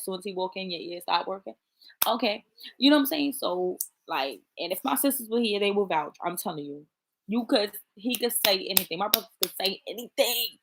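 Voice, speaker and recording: Woman, casual vlog chat, blunt, profane, talks directly to viewers, medium pitch. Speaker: vlogger.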